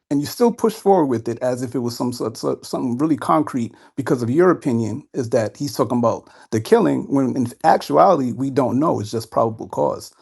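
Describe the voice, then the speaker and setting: Gravelly, husky man heckling. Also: medium pitch, darkish tone. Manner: mocking, halting, repeats "right?". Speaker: debate caller. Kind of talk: heated online debate.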